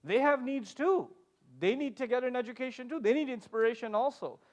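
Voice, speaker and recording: High-voiced, animated male panel speaker. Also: fairly quick, highs cut off. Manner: animated, emphatic, joking asides. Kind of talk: passionate lecture talk.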